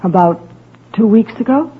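A woman playing a young wife in a radio drama, emotional, sharp and theatrical. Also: mid-range voice, lively intonation, normal speed, breathy edge. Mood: anxious. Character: young wife, proud and desperate. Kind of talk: 1940s radio acting. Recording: tinny old radio broadcast with faint hiss.

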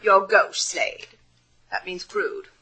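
An actress playing a flirtatious, theatrical rich woman who teases in a breathy, drawn-out way, in 1940s radio acting. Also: mid-range voice, bright, forceful tone, full character voice, low-quality recording. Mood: teasing. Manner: breathy, teasing, drawn-out purring.

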